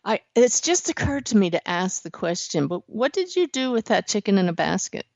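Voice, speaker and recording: A woman's voice: medium pitch, very animated, fairly quick, creaky, a little mellow, no room sound. A woman hosting an interview, supportive and asking leading questions. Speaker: interviewer host. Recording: dull lo-fi sound.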